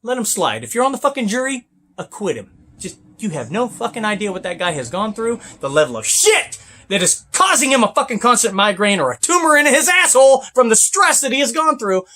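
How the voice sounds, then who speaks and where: A man, a truck driver, ranting with sarcasm and heavy swearing about trucking companies, often bursting into shouts. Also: extremely high pitch, sing-song, brisk. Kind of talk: angry ranting vlog.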